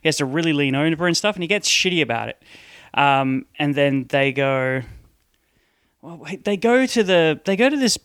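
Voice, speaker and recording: Chatty higher-voiced man recapping a film. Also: animated, moderate pace, fairly bright tone, clear, resonant tone, dry recording, clean studio sound. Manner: blunt, chatty, jumps in to finish the other host's points. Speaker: podcast co-host. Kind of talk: casual film-review chat.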